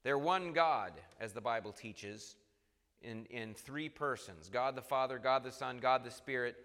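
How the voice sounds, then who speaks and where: A man preaching a sermon, earnest and halting, with repeated restarts, reading scripture aloud. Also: medium pitch, fairly bright tone. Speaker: pastor. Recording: long reverb of a hall.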